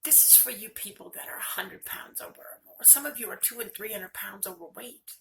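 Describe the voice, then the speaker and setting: An older woman speaks straight to her viewers in a personal video, candid and earnest. Her voice is bright, and the talk feels close and confessional. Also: mid-range voice, fairly quick, gravelly, a little hiss or hum. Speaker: vlogger.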